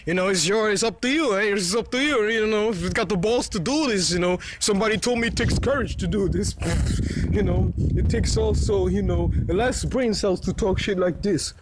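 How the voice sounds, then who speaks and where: A man's voice: sits high, normal speed, slight background noise. A young man telling a story to the camera in a rambling, casual way, full of fillers, restarts and frequent laughs. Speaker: vlogger.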